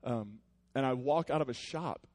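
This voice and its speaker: A man who is a pastor, preaching a sermon to his congregation in a conversational, earnest way that drops into soft, reflective passages. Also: mid-range voice, normal speed.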